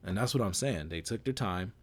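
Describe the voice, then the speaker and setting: Low-voiced man rambling a motivational podcast. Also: lively intonation, a little fast. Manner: casual, repetitive, self-correcting, preachy. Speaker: podcast host.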